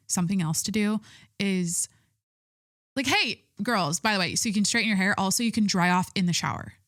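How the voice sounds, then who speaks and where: A woman's voice: mid-range voice, no room sound, clean studio sound. A woman in her thirties hosting a solo podcast, chatting casually and rambling, with frequent swearing and filler words. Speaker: podcast host.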